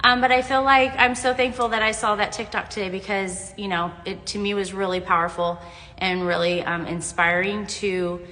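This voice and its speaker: A woman's voice: medium pitch, steady tone, normal speed, bright, forceful tone. A middle-aged woman vlogger giving earnest, faith-based encouragement in a rambling, casual way with fillers. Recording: echoey room with long reverb.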